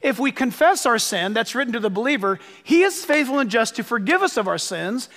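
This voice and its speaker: A man delivering a sermon in a voice pitched very high for a man, swinging widely up and down. He presses his points hard, repeating lines for stress and urging listeners to take notes. A long hall reverb trails every phrase. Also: animated, fairly quick, a bit bright. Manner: emphatic, urges listeners to write things down. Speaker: pastor.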